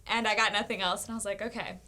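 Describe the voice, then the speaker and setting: A woman guest telling a personal faith testimony in a lively, storytelling way, often laughing and acting out what people said. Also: medium pitch, very fast. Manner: animated storytelling with frequent laughs and acted-out quotes. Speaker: guest sharing her testimony.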